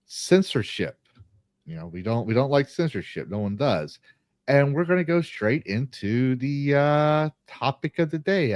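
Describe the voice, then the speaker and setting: A man's voice: mid-range voice, no echo. A man hosting a casual podcast chat, earnest and rambling, with many restarts. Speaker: podcast host.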